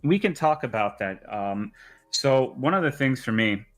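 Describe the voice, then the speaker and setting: A man speaking as a podcast guest, calmly and deliberately explaining his grievances in a casual conversation. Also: medium pitch, soft background music. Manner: earnest, deliberate, airing grievances.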